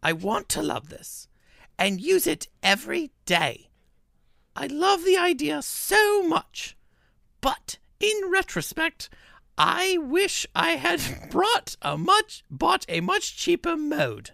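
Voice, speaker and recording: A woman voicing a young office worker reading her own complaint review, in a high, piercing, plaintive voice. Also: very animated, slow pace, gravelly, pushed and bright, dry recording, clean studio sound, full character voice.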